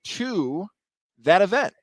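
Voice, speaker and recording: A man's voice: big pitch swings, takes it slowly, dry recording. A man co-hosting a live radio show from a car dealership, reading sponsor spots with upbeat energy. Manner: upbeat, salesy pitch delivery. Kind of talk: casual talk and live ad reads.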